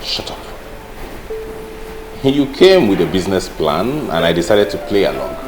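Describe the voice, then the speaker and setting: A man's voice: deep voice, very animated, moderate pace, rough recording. Curt, wary rich man. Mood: cold. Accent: Nigerian. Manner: curt, businesslike. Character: wealthy man hiding his identity, cool and wary. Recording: clear music under the voice.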